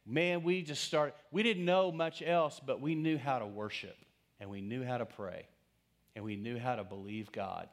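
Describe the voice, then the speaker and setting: A middle-aged man preaching a sermon as pastor, telling stories with dramatic swings between loud passages and hushed asides. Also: mid-range voice, moderate pace. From Texas.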